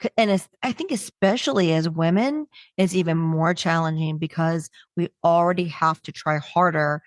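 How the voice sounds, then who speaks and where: Middle-aged woman speaker, lowish voice, punchy comic timing, dry recording. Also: moderate pace, no room sound. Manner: brash, joking, punchy delivery with acted-out quotes. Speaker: webinar speaker on humor. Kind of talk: stand-up style comedic talk.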